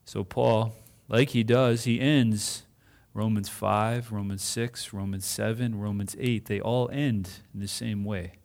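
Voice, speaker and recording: A man's voice: on the low side, steady tone, a little slow, creaky, a little mellow. A man preaching a sermon in a conversational way, asking the congregation questions and voicing imagined speakers.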